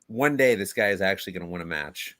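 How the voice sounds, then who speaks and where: A man's voice: sits low, lively intonation, fast, bright, forceful tone, no room sound. A man co-hosting a wrestling review chat, recapping bluntly and sounding exasperated. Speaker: podcast co-host. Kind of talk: casual chat.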